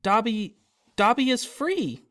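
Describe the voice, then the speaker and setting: A man voicing a small, devoted male house-elf in a shrill, high, slow and emphatic voice. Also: very animated, pushed and bright, exaggerated voice.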